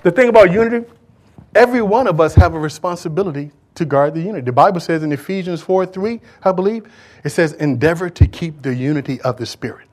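Brief: middle-aged male pastor, lively sermon delivery, slightly high voice, loud-to-hushed swings. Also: fast talker. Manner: animated preaching, swinging from loud to hushed, addressing the congregation.

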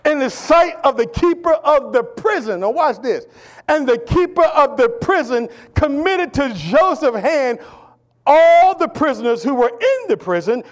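Male pastor, very high voice, call-and-response preaching, shifts from shouting to hushed. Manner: preaching with call-and-response, swings between shouting and near-whisper. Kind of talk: sermon.

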